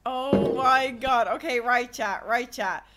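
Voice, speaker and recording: A high-pitched woman streamer chats and teases her friends, talking to her chat with sudden loud outbursts. There is clear noise behind her voice. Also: slow. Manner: teasing, animated, loud outbursts. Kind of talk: casual group chat on stream. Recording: noisy background.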